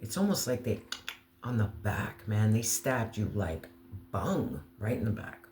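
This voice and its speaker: A man giving an earnest, emotional tarot reading, slowing down to stress key words. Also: on the low side, sing-song, a little mellow, roomy sound, slight background noise. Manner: earnest, emotional, slow deliberate emphasis. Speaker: tarot reader.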